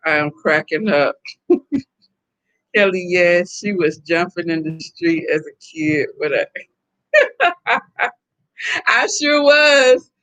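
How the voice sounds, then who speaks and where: A middle-aged woman from the Southern United States hosts a relaxed live stream. Her voice is bright and forceful as she chats away in an animated, talkative manner. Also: fairly low pitch, drawn-out words, pauses often, lo-fi sound. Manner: chatty and animated, laughing often. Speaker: host reading viewer comments. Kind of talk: casual live-stream chat.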